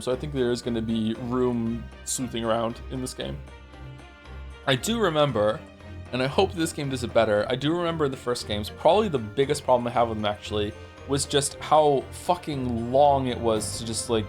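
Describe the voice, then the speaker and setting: A man's voice: medium pitch, brisk. A man giving casual, sardonic commentary while playing a game on stream, swearing freely. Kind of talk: casual let's-play commentary. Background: game music.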